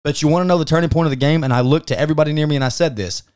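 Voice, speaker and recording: A man's voice: on the high side, rapid-fire, darkish tone, clean tone. A man co-hosting a casual sports podcast, giving emphatic, profane opinions on football. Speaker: podcast co-host.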